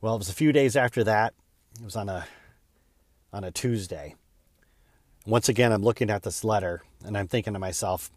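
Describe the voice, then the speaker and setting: A middle-aged real estate agent and podcaster shares a personal story with earnest, heartfelt emotion. His low-leaning voice speeds up and slows down as his feelings shift, recorded dry and close with no room echo.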